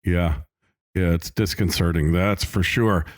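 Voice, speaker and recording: A male podcast host with a fairly low voice runs the interview in an easygoing way. He agrees readily and talks loosely, with frequent fillers. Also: steady tone, measured pace.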